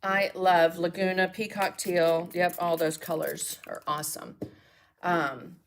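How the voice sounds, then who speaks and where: A woman's voice: lowish voice, steady tone, a little slow, slight background noise. A woman hosting a live mixed media art demonstration, chatting and thinking aloud as she works and answering viewer comments. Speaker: mixed media artist and host.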